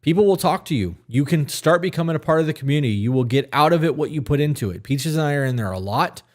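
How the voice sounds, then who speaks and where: A man's voice: fairly high pitch, expressive, quick pace. Candid, earnest man hosting a podcast. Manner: candid, earnest, swears casually. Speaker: podcast host giving advice to men. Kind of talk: casual advice talk, reading a listener email.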